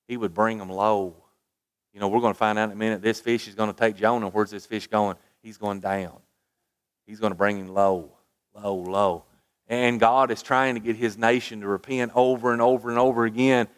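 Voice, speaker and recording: A man preaching a sermon, reading scripture aloud with emphasis and putting rhetorical questions to his listeners. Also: mid-range voice. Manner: reads scripture aloud with rising emphasis, then drops to quiet asides; asks the congregation rhetorical questions.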